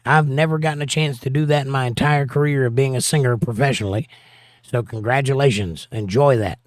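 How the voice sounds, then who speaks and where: A man's voice: mid-range voice, a little fast, no echo. Man casually reading out live chat. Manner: reads chat messages aloud and answers with dry jokes. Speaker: livestream host reading viewer chat.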